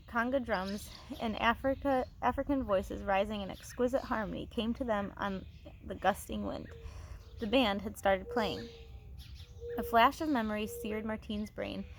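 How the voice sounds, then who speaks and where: Teacher reading a chapter book aloud, expressive, higher voice, phone mic. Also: female voice, a little hiss or hum. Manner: expressive reading with small restarts.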